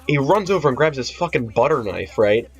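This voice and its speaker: Animated and brisk, a teen vlogger with a mid-range voice tells a wandering, cuss-laden story littered with fillers and false starts. Faint music plays beneath the dull lo-fi sound.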